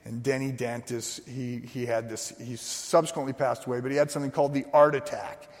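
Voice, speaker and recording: A man's voice: medium pitch, level tone, a little fast. A man preaching a sermon, telling a story in a loose, conversational way and acting out the people he quotes. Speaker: pastor. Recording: long hall reverb.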